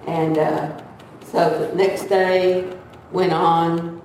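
Older woman, seventies, casual testimony, slightly low pitch, heard from across an echoey room. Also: little pitch movement, drawn-out words, a little mellow, slight background noise. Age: 70s. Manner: chatty, acts out quoted voices. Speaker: church member sharing a testimony. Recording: echoey room, distant mic.

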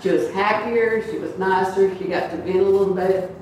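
A woman with a mid-range voice gives a loose, storytelling sermon to her church congregation at a moderate pace, animatedly acting out voices and laughing often. She's recorded from a distance in a very echoey hall, with a faint hiss underneath.

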